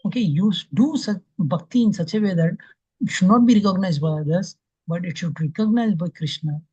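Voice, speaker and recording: Man teacher, fairly high voice, dark and husky, dry dull call audio, earnest storytelling lecture. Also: fairly quick, no echo. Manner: earnest, acts out quotes, many fillers. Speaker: spiritual class teacher.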